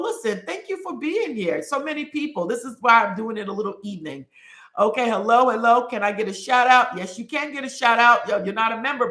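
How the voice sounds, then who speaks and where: A woman's voice: fairly high pitch, sharp tone, roomy sound. A woman from New York hosting a live stream, reading out viewer comments and greeting people with effusive, repeated praise. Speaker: host.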